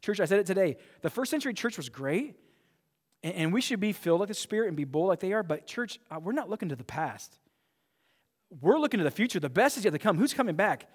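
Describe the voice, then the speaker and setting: A man's voice: sits high, big pitch swings, quick pace, breathy edge, in a large hall. A man preaching a sermon as pastor, emphatic and often restarting his phrases.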